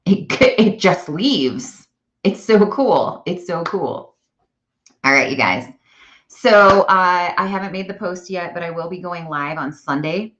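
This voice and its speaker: Chatty woman live-streaming, low-pitched, dull lo-fi audio. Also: takes it slowly. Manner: chatty, animated, self-correcting. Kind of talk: casual live-stream chat.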